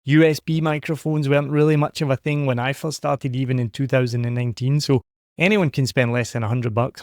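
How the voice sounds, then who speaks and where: A man hosting a podcast with a soft, worn-down Scottish accent and an upbeat, promotional way of talking. His voice sits at an ordinary middle pitch. The sound is close and dry, with no room around it. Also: dry recording. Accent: softened Scottish. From Scotland. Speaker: podcast host. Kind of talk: podcast interview.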